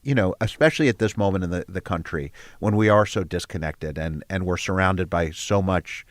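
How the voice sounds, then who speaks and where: A man's voice: low voice, brisk. An older man, the head of a nonprofit, telling stories earnestly in an interview, with fillers and restarts. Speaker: guest, head of a storytelling nonprofit. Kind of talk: conversational interview.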